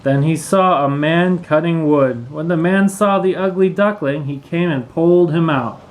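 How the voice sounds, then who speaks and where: A man reading a children's storybook aloud, clear and expressive. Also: fairly high pitch, normal speed, low-quality recording. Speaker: storybook reader.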